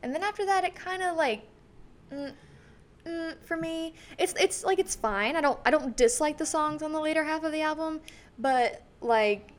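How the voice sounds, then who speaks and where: Young woman podcast cohost, chatty n giggly, kinda high voice. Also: normal speed. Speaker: podcast co-host. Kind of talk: casual chat about music.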